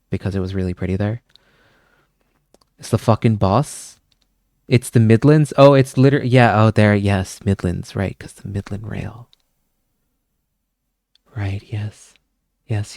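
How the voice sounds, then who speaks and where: A young man from Pennsylvania hosts a live stream, rambling in easy, casual chat and drifting off on tangents. His voice is on the low side and sounds dry and close to the mic. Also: a little mellow, dry recording. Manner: rambling, chatty, wanders off on tangents. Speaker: livestream host.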